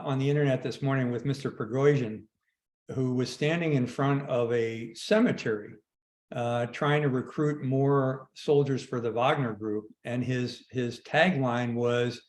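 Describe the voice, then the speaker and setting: Retired general telling a war story. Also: male voice, mid-range voice, fairly even intonation, reverberant. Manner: conversational, halting restarts, anecdotal. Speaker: retired army general, guest. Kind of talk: casual storytelling in an online conversation. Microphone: video call.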